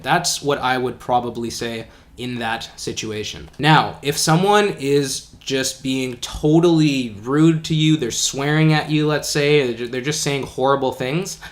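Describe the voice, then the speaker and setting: A man's voice: mid-range voice, a little slow, few pauses. A man teaching English in an online video lesson, talking in a casual, friendly, explaining way with some fillers.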